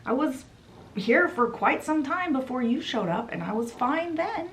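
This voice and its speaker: A woman's voice: sits high, expressive, measured pace, a bit bright, distant mic, a little hiss or hum, pitched above the performer's own voice. A woman voicing a young woman from a storybook who reassures a friend while saying goodbye, light and upbeat. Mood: reassuring.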